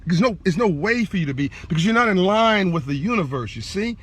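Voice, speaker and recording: A man speaking straight to viewers in an impassioned live-video monologue, fervent and preachy, hammering his points with repetition while insisting he is calm and measured. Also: high voice, husky. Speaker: speaker addressing online viewers.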